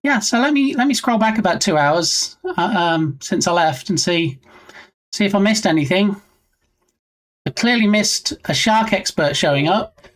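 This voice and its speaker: A man's voice: high-pitched, lively intonation, unhurried, a bit bright. A man hosting a casual game development live stream, reading chat aloud with rambling, dry, self-mocking asides.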